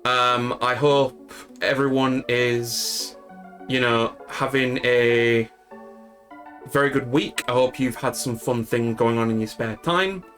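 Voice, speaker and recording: A man's voice: medium pitch, fairly even intonation, slow, a bit bright, faint music behind. A man from Yorkshire with a Yorkshire accent, chatting casually and rambling to his stream's viewers, with many fillers and restarts. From Yorkshire, north of England. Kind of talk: casual chat with live viewers.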